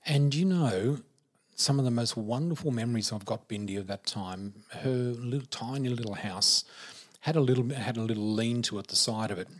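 Husky-voiced Australian man telling stories. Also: mid-range voice. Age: 50s. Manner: unhurried, vivid storyteller. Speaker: podcast guest. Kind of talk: personal storytelling.

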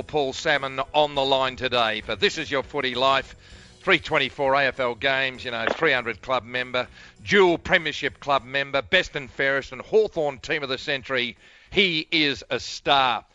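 A man's voice: mid-range voice, normal speed, sharp tone, soft background music. An older man with an Australian accent, hosting a radio sports interview with showy broadcaster patter. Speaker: radio host.

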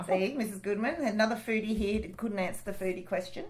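A woman's voice: mid-range voice, steady tone, fast. A woman co-hosting a podcast in casual chat, blunt and cheeky, with bursts of mock outrage. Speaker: podcast co-host.

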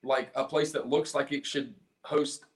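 He's a punk singer-guitarist from South Carolina, guesting on a podcast and chatting through a story with lots of swearing, rambling, and restarts. His medium-pitched voice stays fairly even and moves a little slowly.

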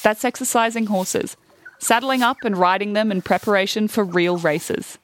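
A woman reading a children's story aloud in a lively way, acting out the characters' lines. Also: mid-range voice, moderate pace.

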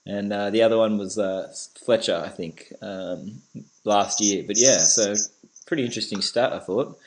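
A man's voice: on the low side, moderate pace, a little mellow, rough recording. A man co-hosting a casual sports podcast, joking and laughing, often repeating words as he goes. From Australia. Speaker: podcast co-host.

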